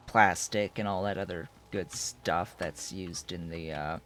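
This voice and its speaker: Slow, rambling low-voiced man streaming. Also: steady tone, fairly bright tone, slight background noise. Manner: rambling, thinking aloud with many restarts. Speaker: game streamer. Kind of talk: casual live-stream commentary while playing.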